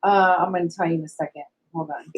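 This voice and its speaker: A woman's voice: on the low side, fairly even intonation, quick pace, muffled recording. A woman co-hosting a casual live stream, chatting loosely and losing her train of thought. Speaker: co-host.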